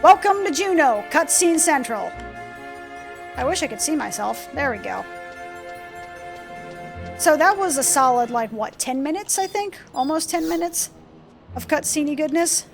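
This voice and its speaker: A woman commenting on her gameplay in an irreverent, joking manner, swearing freely. She sounds tired, with a sore throat, and her voice sits a little high. Faint game music plays behind her. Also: expressive, measured pace, gravelly, long pauses. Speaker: let's play gamer.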